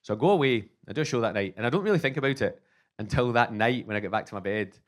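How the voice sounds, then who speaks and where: A Scottish man in his thirties doing stand-up, telling an animated, self-mocking story and acting out both sides of the conversations. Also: medium pitch, rapid-fire. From Scotland. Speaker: stand-up comedian.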